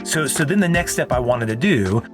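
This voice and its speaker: A man's voice: medium pitch, animated, moderate pace, music in the background. Earnest male podcast co-host. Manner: earnest, explanatory, with frequent restarts. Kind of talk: casual parenting chat.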